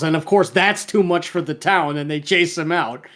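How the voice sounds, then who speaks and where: A man with a somewhat high voice co-hosts a casual podcast. He retells a cartoon episode in a loose, rambling way, restarting often and filling gaps with "like" and "um." Now and then he quotes the characters in a lightly acted tone. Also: fairly even intonation, moderate pace. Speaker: podcast co-host.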